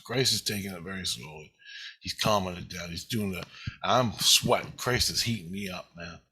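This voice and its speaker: A man's voice: deep voice, moderate pace, sharp tone, slightly rough, rough recording. A man in his fifties giving a rambling first-person account of a spiritual experience, intense and emotional, swearing heavily. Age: 50s. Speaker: vlogger recounting a spiritual experience.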